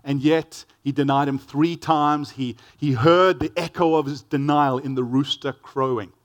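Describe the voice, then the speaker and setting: A man with a South African accent preaching a sermon as a pastor, reading scripture and telling stories in an earnest, conversational way with gentle humor. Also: a little high, fairly even intonation, measured pace.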